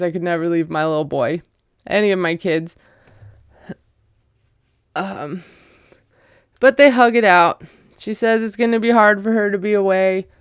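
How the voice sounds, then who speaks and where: A chatty woman in her thirties recaps a reality show in a loose, sarcastic way, full of "like" and "you know". Her voice is very clean and smooth. The recording is dry and close, with no room sound. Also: mid-range voice, no echo. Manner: chatty, sarcastic asides, laughs often, many fillers. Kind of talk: casual recap commentary.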